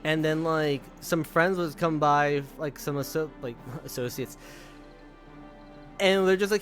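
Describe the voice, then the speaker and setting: A man's voice: fairly high pitch, moderate pace, faint music behind. A young man streaming, casually telling a rambling story with frequent laughs and swearing. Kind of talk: casual storytelling while gaming.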